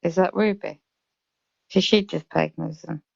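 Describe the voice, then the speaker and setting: A British woman on a live stream, chatting casually and reading out chat comments in a slow, drawn-out way. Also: fairly low pitch, steady tone, vocal fry, darkish tone, no echo. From Britain. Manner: reads chat comments aloud slowly. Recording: dull lo-fi live stream audio.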